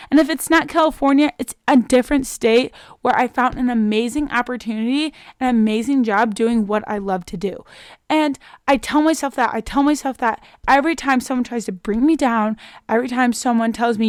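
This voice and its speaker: Chatty young woman podcaster, smooth voice. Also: fairly high pitch, fairly quick, no echo, clean studio sound. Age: young adult. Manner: chatty and earnest, many "like" fillers; openly emotional, self-motivating. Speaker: podcast host. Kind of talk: casual solo podcast monologue.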